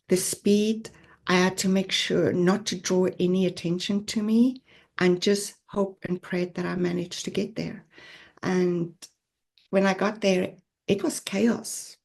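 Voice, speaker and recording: A woman from South Africa with a South African accent, a podcast guest telling her own story in an earnest, reflective way, with soft laughs. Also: lowish voice, fairly even intonation, a little slow, creaky. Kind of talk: personal storytelling interview.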